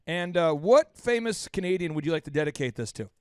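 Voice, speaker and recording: An animated male podcast host who jumps all over his pitch and cuts in with quick questions. His voice sits a bit high and the studio sound is dry. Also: smooth, no echo. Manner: animated, teasing, interrupts often. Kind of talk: casual business podcast chat.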